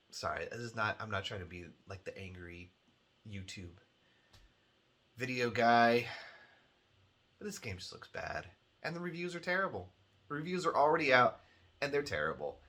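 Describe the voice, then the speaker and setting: A man's voice: mid-range voice, animated, moderate pace, bright, forceful tone. A man hosting a weekly video game release show, chatting casually in a sardonic way, swearing freely and laughing often. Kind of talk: casual rambling commentary.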